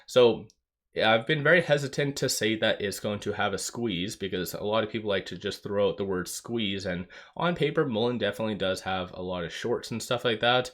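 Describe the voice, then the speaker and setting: A man's voice: fairly low pitch, a little fast, a bit bright. A man talking through stock market data and short-selling figures in a casual commentary, reading out numbers steadily with some filler words.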